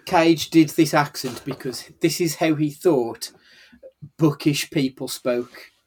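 A man co-hosting a casual film review chat, sweary and animated. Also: a little high, slow, a little hiss or hum. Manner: sweary, animated, laughing often. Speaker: podcast co-host.

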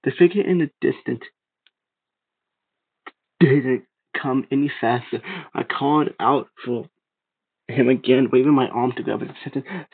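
A man reading a creepypasta aloud, steady but stumbling and restarting now and then. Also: mid-range voice, unhurried, long pauses, slightly rough. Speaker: narrator. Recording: tinny phone-like sound.

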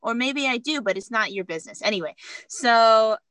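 A woman's voice: fairly high pitch, animated, normal speed, a bit bright, no echo. An American woman, a podcast guest, telling a story candidly and acting out the dialogue. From United States. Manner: candid, laughing, acts out dialogue. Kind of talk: casual storytelling.

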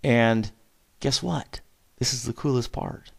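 A man in his forties talks through how he disciplines his kids in a relaxed, chatty way. His medium-pitched voice jumps sharply upward whenever he asks a question or stresses a point, and he chuckles often between phrases. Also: slow pace, creaky, breathy edge. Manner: animated, acts out back-and-forth with his kids, chuckles often. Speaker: father giving parenting advice. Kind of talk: casual advice talk.

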